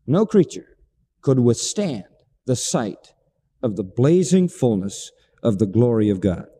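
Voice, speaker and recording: A man preaching a sermon, dramatic, swinging between booming high phrases and hushed low ones. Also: big pitch swings, measured pace, slightly rough. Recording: long hall reverb.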